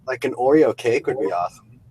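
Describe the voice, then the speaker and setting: A man's voice: medium pitch, animated, brisk, mellow, slightly rough, rough recording. Teasing man trading quips on a livestream. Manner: teasing, brief quips, laughs often. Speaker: livestream co-host. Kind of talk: casual livestream chat.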